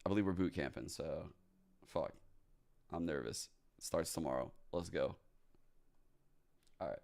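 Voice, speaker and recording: A man's voice: extremely low pitch, lively intonation, a little slow, gravelly, darkish tone. A man streaming live, reacting casually and signing off to his viewers, swearing freely. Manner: laid-back, swears casually, signs off to viewers. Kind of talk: casual livestream commentary.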